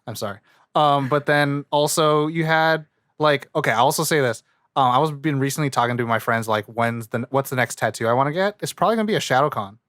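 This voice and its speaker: A man co-hosts a podcast, chatting casually and rambling with lots of fillers and restarts. He talks fast in a mid-range, fairly bright voice, recorded dry with clean studio sound.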